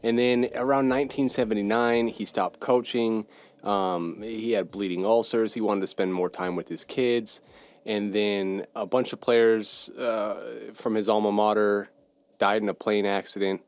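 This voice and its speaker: A man's voice: fairly low pitch, fairly even intonation, measured pace. A young man hosting a solo sports podcast, giving blunt, profane opinions on football. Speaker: podcast host.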